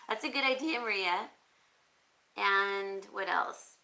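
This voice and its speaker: Bright-voiced chatty woman. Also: medium pitch, drawn-out words, low-quality recording. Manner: chatty, thinking aloud with frequent "um, let's see". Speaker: crafting channel host. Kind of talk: casual live-stream chat reading viewer comments.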